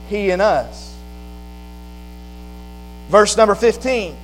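A man preaching a sermon, moving from quiet, plain explanation to loud, fervent preaching. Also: high-pitched, expressive, slow, pauses often, low-quality recording. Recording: faint mains hum behind.

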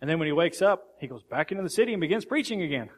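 A man's voice: a little high, expressive, very fast, breathy edge. A man preaching a sermon with emphatic rhetorical questions.

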